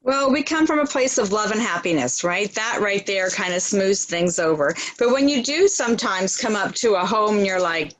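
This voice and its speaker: A woman's voice: a little high, fairly quick, few pauses, fairly bright tone, no echo, poor audio. A woman who runs a charity, speaking earnestly and at length in a casual interview, often retelling what people said to her. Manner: earnest, rambling, retells dialogue. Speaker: charity founder, interview guest.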